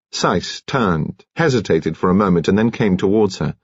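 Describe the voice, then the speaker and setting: A man narrating an audiobook in a measured, expressive storytelling manner. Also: sits low, slightly rough, dry recording. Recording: dry, dull audiobook studio recording.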